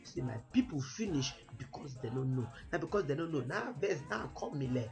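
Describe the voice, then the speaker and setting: A man's voice: sits high, very animated, a little fast, gravelly, few pauses, a little mellow, faint music behind. A man with a Warri Nigerian Pidgin accent delivers a comic pidgin sermon. He is emphatic and acts out his anecdotes. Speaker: comic preacher.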